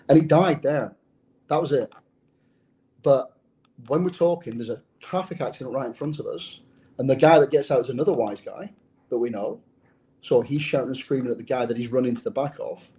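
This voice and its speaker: Interview guest, male former undercover cop: dark, mellow tone, blunt and profane, restarts his phrases. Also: medium pitch, a little fast, a little hiss or hum. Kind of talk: casual interview storytelling.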